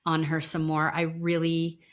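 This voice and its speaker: Lower-pitched woman chatting on a podcast. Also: completely flat delivery, measured pace. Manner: chatty, laughs often, trails off and restarts. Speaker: podcast co-host. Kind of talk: casual chat about reality TV.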